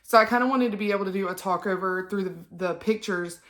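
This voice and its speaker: On a couch at home, a young vlogger talks one-on-one to her phone camera, chatty and emotional, with lots of ums. Her medium-pitched voice is fast and fairly bright.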